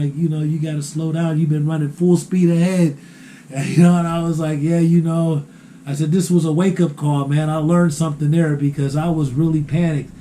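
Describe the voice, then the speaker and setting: A middle-aged man talks to his viewers in a casual vlog. His voice is slightly high yet mellow. He trips over repeated words and caps his phrases with "man", over a faint hiss of background noise. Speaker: vlogger.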